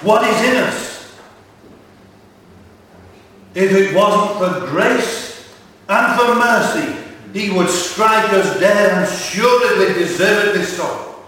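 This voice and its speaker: A man preaching a sermon, earnest and deliberate, asking rhetorical questions and quoting scripture, recorded in a large church hall. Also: high-pitched, fairly bright tone. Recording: echoey hall heard from far off.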